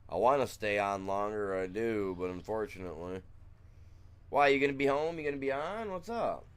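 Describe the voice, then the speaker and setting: A gaming streamer talks in a fairly low, expressive, smooth voice at a normal pace, broadcasting from a room at home with blacked-out windows. He chats casually and rambles, trailing off, restarting, and chuckling along the way.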